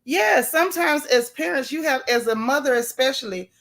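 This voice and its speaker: A woman's voice: high-pitched, animated, normal speed, fairly bright tone. A woman hosting a casual livestream, chatting and greeting viewers by name with folksy asides. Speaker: YouTube livestream host.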